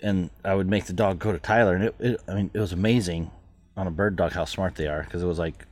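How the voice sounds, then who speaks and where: Rambling low-voiced man, laughing. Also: steady tone, quick pace. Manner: rambling, laughs often, trails off quietly. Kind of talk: casual chat.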